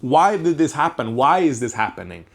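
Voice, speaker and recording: A man's voice: medium pitch, very animated, normal speed, vocal fry. A young man, rambling through a casual podcast monologue, full of questions and frequent swearing. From Portugal. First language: Portuguese. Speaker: podcast host.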